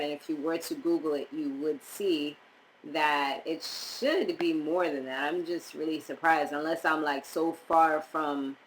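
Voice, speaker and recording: A young woman from Montserrat chatting casually as a vlogger, rambling with animated asides. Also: low-pitched, a little hiss or hum, low-quality recording. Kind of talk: casual chat reviewing DNA results.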